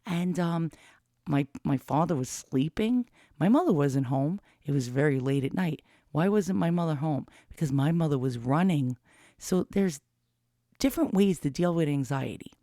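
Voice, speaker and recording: A woman's voice: sits low, animated, normal speed, dark tone, dry recording. A woman in her fifties telling a personal story in a candid, rambling way, with blunt swearing, into a studio mic with a pop filter. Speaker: vlogger.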